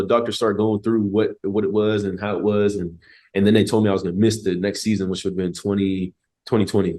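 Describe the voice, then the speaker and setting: A young man with a deep, low voice tells a story as a podcast guest. He talks quickly and loosely, full of slang, jokes and swearing. His delivery stays casual and laid-back. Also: darkish tone. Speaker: podcast guest, former college football player.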